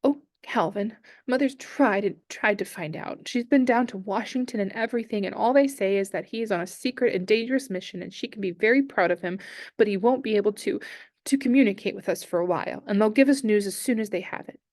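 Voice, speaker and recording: A woman voicing a shy, tearful teenage girl, speaking softly and shakily as if close to tears. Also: mid-range voice, fairly quick, no echo, voice pushed up, lightly acted. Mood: upset. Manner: soft and shaky, close to tears.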